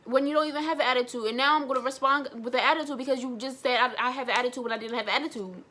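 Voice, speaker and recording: A young woman vlogger telling a personal story in a blunt, animated way, swearing freely. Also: high voice, very fast. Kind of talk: storytime vlog.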